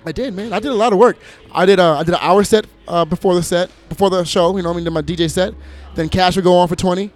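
A man's voice: high voice, fast talker, soft background music. A man from Minneapolis, a DJ and producer, chatting as an interview guest, telling stories with lots of swearing and laughter. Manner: animated storyteller, swears freely, laughs often. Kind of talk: casual interview chat.

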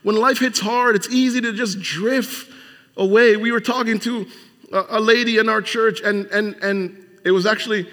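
A man's voice: high-pitched, steady tone, normal speed, fairly bright tone. A male pastor preaching a sermon in a conversational style, with emphatic rhetorical questions and frequent restarts. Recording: long hall reverb.

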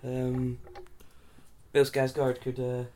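A man's voice: medium pitch, monotone, slow, warm tone, a little hiss or hum. A man co-hosting a podcast, hesitant with many ums and laughing often. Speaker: podcast co-host. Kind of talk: casual chat.

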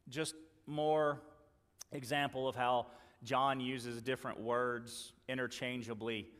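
A man's voice: medium pitch, little pitch movement, measured pace. Earnest male preacher in a reverberant hall. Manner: earnest, acts out quoted dialogue, shifts between loud emphasis and quiet asides. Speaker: pastor. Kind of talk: sermon.

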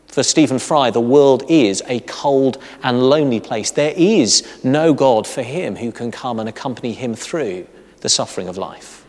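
A man's voice: medium pitch, normal speed, darkish tone, big-room sound. A man preaching a sermon as a vicar, earnest and emphatic, building his points through repeated phrases. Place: church.

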